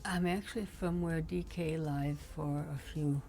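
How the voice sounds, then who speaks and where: A woman's voice: sits low, fairly even intonation, moderate pace, warm tone, soft background music. An older woman in casual chat, telling stories and laughing often. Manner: chatty storyteller, laughs often. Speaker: streamer's mother, guest.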